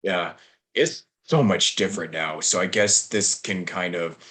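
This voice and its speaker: A man's voice: deep voice, a little slow, a bit bright. Rambling young male podcast host. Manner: rambling, many fillers and restarts. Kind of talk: casual interview chat.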